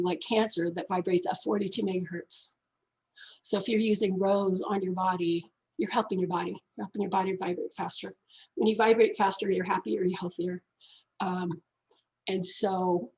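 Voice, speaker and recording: Brief: effusive woman leading a class, easily moved, laughing often, mid-range pitch. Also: darkish tone, poor audio. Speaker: class teacher. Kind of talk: teaching a gratitude class.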